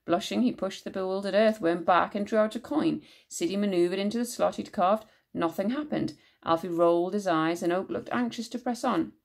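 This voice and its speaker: A woman teacher reading a children's book aloud with expressive storytelling narration. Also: mid-range voice, normal speed, creaky, few pauses.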